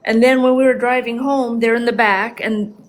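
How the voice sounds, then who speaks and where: A woman's voice: a little high, fairly even intonation, normal speed. A woman guest on a live stream, chatting casually and telling long, rambling stories. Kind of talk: casual chat.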